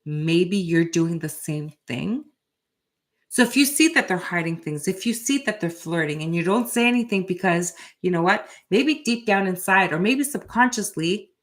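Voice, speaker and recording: A middle-aged woman hosting a live reading, talking straight to her viewers in a direct, chatty way and often asking "right?". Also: on the low side. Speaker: tarot reader and channel host.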